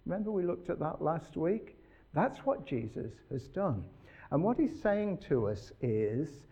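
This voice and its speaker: A man's voice: a little high, mellow. A man preaching a sermon in an earnest, emphatic way, putting rhetorical questions to his listeners.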